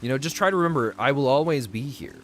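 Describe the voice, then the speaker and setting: Chatty male streamer, lively voice. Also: mid-range voice, quick pace, a little hiss or hum. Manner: chatty, reads chat aloud and answers viewers; laughs easily, storytelling. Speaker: game livestreamer. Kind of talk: casual livestream chat while playing.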